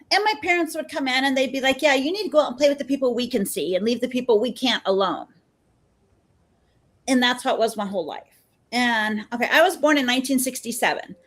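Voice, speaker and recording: A woman in her fifties, a therapist, chatting as a podcast guest and telling stories in an animated way, acting out what people said. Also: a little high. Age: 50s. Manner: chatty and animated, acts out quoted dialogue. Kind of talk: casual storytelling in a podcast interview.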